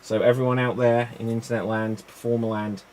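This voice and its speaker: A man's voice: medium pitch, little pitch movement, fairly quick, darkish tone. A man hosting a live-streamed improv show, chatty and rambling between games.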